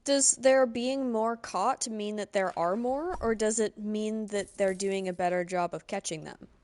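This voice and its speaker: A young woman chats softly with her stream, reading and answering comments. Her voice sits in a middle pitch. The sound is dry and close, with no room echo. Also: a little slow. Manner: soft-spoken, reading and answering chat. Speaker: livestreamer. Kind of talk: casual stream chat.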